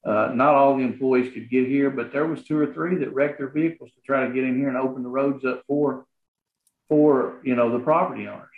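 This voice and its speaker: A man's voice: mid-range voice, fairly even intonation. Southern guy being interviewed, earnest, lots of uhs and restarts, tinny echoey sound. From Arkansas, USA. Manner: earnest, halting, many fillers and restarts. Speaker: guest, property association manager. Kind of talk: casual interview talk. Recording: roomy, phone-like sound.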